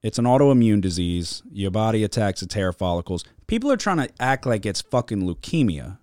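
A podcast host with a fairly low, darkish voice talks quickly and very animatedly, spinning rambling stories packed with swearing and filler words in casual chat. The recording is dry and studio quality.

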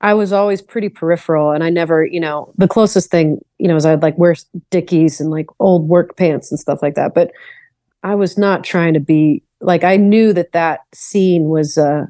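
A woman's voice: fairly low pitch, steady tone, moderate pace, dark tone, dry recording. A woman musician from the Philadelphia area with a Philly accent, chatting loosely on a podcast with lots of "like" fillers. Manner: rambling, lots of "like" fillers, easy laughs. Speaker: musician guest. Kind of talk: casual podcast chat.

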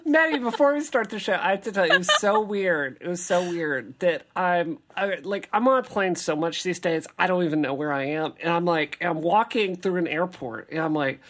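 A woman's voice: on the low side, lively intonation, moderate pace, few pauses. A woman co-hosting a podcast in casual chat, playful and full of mock enthusiasm. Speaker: podcast co-host.

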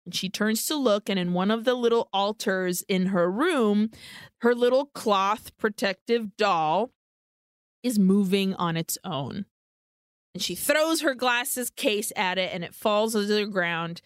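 A woman's voice: mid-range voice, a little slow, smooth, dry recording, clean studio sound. A woman co-hosting a podcast, casually retelling a film plot, swearing freely and dropping Spanish words into her English. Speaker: podcast co-host.

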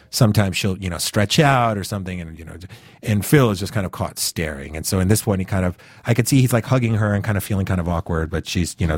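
A podcast host with a fairly low male voice and a Northeastern US upbringing offers casual commentary in a loose, rambling, conversational way, full of "you know" and restarted phrases. The recording is close and dry, with no room sound or echo.

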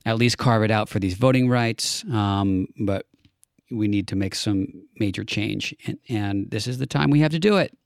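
A man co-hosting a casual political chat show, relaxed and chuckling, thinking aloud with frequent fillers. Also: lowish voice, normal speed, vocal fry, smooth, no room sound, clean studio sound. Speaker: podcast co-host.

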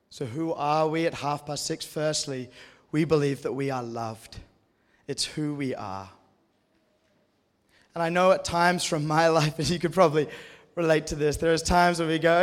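A male preacher giving an earnest, reassuring sermon in a conversational way to a church audience. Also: a little high. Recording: echoey hall.

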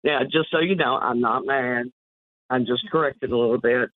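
A woman calling in to a radio show from Louisville, Kentucky, affectionate and gently scolding, calling the host sweetheart. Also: rumbling low, normal speed, dry recording. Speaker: caller. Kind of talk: phone-in chat. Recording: tinny phone line, dry.

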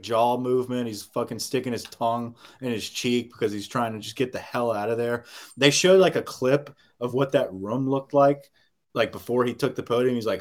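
A man co-hosting a casual sports podcast, telling stories in an excited, profane rush. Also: medium pitch. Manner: excited, profane, rapid storytelling.

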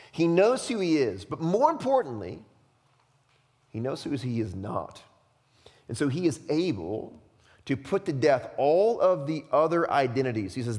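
A man preaching a sermon as pastor, speaking emphatically and often dropping to a quiet, intense hush. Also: a little high, big-room sound.

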